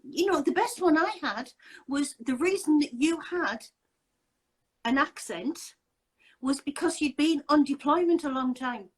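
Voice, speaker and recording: A woman's voice: sits high, measured pace, poor audio. A woman hosting a casual video chat, talking in a chatty, emphatic, exasperated way. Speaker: host.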